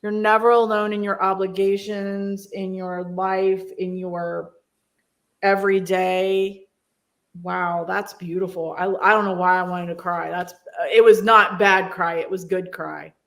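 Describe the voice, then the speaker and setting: A woman's voice: mid-range voice, flat delivery, measured pace, fairly bright tone. A woman giving an intuitive card reading on a live stream, effusive and emotional, with frequent exclamations.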